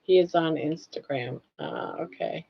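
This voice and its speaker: An older woman hosts a relaxed live chat, talking slowly and drawing out each viewer's name with folksy friendliness. Her voice has a gravelly, fry-tinged edge. The stream audio sounds a little dull and lo-fi. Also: deep voice. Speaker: livestream host. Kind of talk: casual live chat, reading viewer comments.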